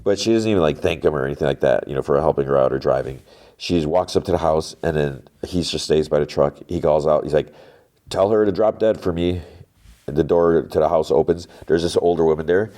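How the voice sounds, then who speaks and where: A podcast host with an extremely low, dark and mellow voice walks through a TV episode in a loose, chatty way. He strings the scenes together with plenty of filler and softens his swearing. The delivery is relaxed and conversational. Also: quick pace. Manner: chatty retelling, swaps curse words for "fudge". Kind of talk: casual TV episode recap.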